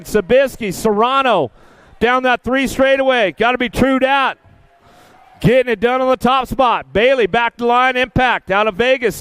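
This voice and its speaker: Male BMX track announcer, very high voice, smooth and dry, fast name-calling, buddy-buddy with riders. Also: dry recording. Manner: rapid-fire calls of rider names and positions; excitable, chummy with riders. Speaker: race announcer. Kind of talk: live BMX race commentary. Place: outdoor race track.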